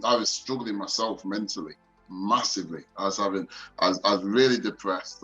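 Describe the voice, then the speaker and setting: A man's voice: on the low side, bright, forceful tone, highs cut off. A man from Nottingham, England, guest on a podcast, talking openly in a casual chat and laughing readily. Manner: open, easygoing, laughs readily.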